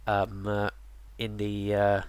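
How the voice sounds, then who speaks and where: A man's voice: fairly low pitch, takes it slowly, clean tone, no room sound. A man, tired and yawning, casually explaining a game's units with plenty of ums and restarts. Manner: relaxed, rambling with many ums and restarts. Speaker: game guide presenter. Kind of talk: casual game tutorial narration.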